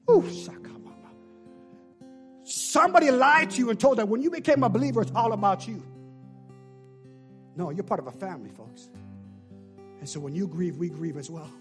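High-voiced preacher swinging from shouts to hushes. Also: male voice. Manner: shifts between shouting and hushed near-whispers; preacher's call-and-response cadence. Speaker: pastor. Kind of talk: sermon.

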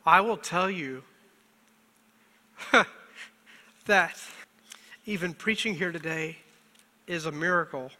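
A man's voice: fairly high pitch, slow pace, pauses often, sharp tone. A middle-aged male pastor preaching a sermon, emotional and self-deprecating, on the verge of tears and often laughing through them. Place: church sanctuary. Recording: long church hall reverb.

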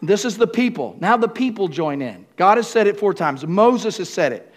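A man pastor preaching a sermon to a congregation, repeating key phrases and building up to shouts. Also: sits high, animated, moderate pace. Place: church room with congregation.

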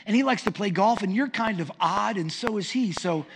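A man doing the voice of a chatty, apologetic churchgoing wife, with a high and breathless delivery. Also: animated, moderate pace, natural voice. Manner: eager and apologetic. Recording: noisy sermon recording.

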